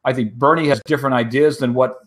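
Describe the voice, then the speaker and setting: A man's voice: medium pitch, steady tone, fast. A man on a casual political panel, blunt and teasing, tossing in wisecracks.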